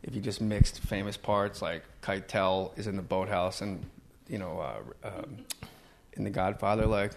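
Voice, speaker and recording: A man's voice: low voice, a little slow, creaky. A man hosting a podcast in casual chat, riffing on movie lines and dropping into quoted voices. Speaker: podcast host.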